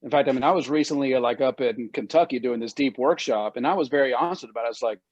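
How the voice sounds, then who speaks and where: A man's voice: mid-range voice, fast talker, darkish tone, no echo, dull audio. A man co-hosting a podcast, speaking reflectively and frankly about his own experience, with casual fillers. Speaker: guest co-host. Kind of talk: podcast conversation.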